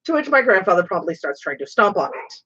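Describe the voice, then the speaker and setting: A woman hosting a stream, telling a story in a casual, animated way with some swearing. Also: medium pitch, quick pace, husky, dull audio. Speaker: streamer host. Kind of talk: casual storytelling while painting.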